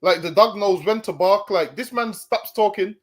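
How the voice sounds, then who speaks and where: A man's voice: high-pitched, moderate pace. A man talking casually, often restarting his sentences with repeated words. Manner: stammering restarts, conversational. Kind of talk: casual commentary.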